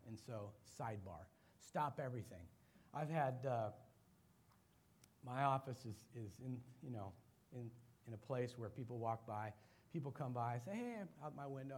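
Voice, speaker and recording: A man's voice: medium pitch, normal speed. A middle-aged man giving a sermon-style talk, telling personal stories and acting out what others said. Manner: animated storyteller acting out quoted voices. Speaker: business owner giving a talk.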